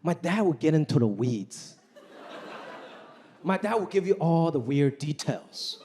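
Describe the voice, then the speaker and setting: High-voiced man doing stand-up on stage. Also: moderate pace. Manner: animated, mimics family members in exaggerated voices. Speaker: stand-up comedian. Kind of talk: stand-up comedy set. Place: large theater stage with live audience. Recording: live show with loud audience noise.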